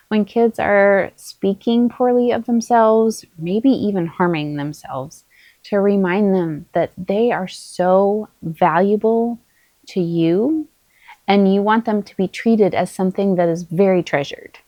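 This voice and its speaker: A middle-aged mother speaks to camera in a calm, earnest way, sharing parenting advice in a relaxed spoken style. Her voice sits at an ordinary middle pitch for a woman. The sound is close and dry, with no room echo. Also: takes it slowly. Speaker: parenting vlogger, mother of many.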